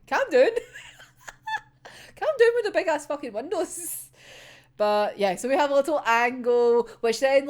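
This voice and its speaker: This young woman's voice is high but somewhat dark in tone. Chatting casually as a manga reaction vlogger, she curses, gets dramatic, laughs often and wanders through her thoughts with lots of fillers.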